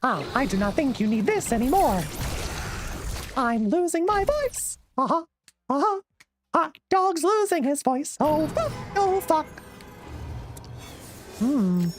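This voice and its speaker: A man streaming a card game while putting on a squeaky, high cartoon mouse voice and swearing in character. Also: very animated, slow pace, pauses often, soft background music, heavily acted. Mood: squeaky playful. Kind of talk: live game stream chat.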